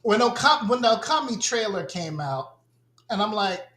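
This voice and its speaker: A man's voice: sits high, big pitch swings, moderate pace, sharp tone. Guy ranting on a gaming podcast, blunt and sweary, echoey room. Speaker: podcast co-host. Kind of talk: casual podcast chat.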